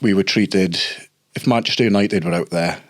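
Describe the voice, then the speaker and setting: A man and former rugby player, telling a story in a relaxed way on a podcast. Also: low-pitched, normal speed, no room sound, studio quality. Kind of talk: casual chat.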